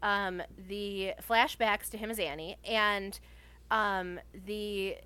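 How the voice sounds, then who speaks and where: A woman's voice: mid-range voice, fairly even intonation, slow pace, sharp tone, clear, resonant tone. A woman talking in a casual chat. She is enthusiastic and rambling, with lots of fillers and restarts as she builds her thoughts.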